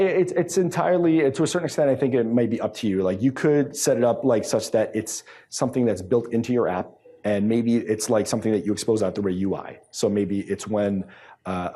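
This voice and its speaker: A man from New England speaks at a conference in a low, dark voice with a slightly husky edge. He talks loosely, with lots of fillers and restarts as he answers questions. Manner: casual, many fillers and restarts. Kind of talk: conference talk with Q&A. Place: conference room.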